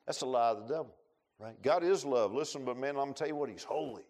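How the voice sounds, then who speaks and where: A man preaching a sermon in a folksy way, rising to loud pleading and dropping to low asides. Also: lively intonation. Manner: acts out quotes with drawn-out voices.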